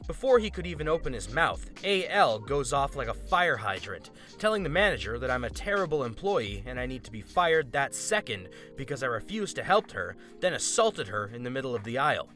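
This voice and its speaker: Animated man reading a story aloud. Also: mid-range voice, a little fast, few pauses, faint music behind. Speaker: story narrator.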